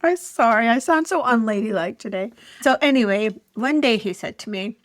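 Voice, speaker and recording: A woman's voice: on the high side, lively intonation, moderate pace, no echo, studio quality. Giggly woman telling candid stories. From Ireland. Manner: giggly, self-deprecating storyteller. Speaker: podcast co-host. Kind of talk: casual chat.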